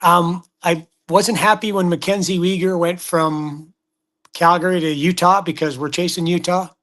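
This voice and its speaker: Man, middle-aged, slightly high voice, animated hockey storyteller, casual chat. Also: moderate pace. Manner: animated storyteller, acts out quotes. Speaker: hockey broadcaster guest.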